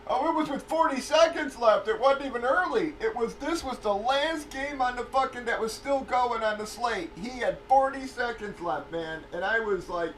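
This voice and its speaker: Telling a story on his card-break livestream, a man rambles casually, swears freely, and laughs a lot. His voice is very high and a bit bright, at normal speed with hardly any pauses. The poor audio has him distant and a bit off-mic, with faint noise.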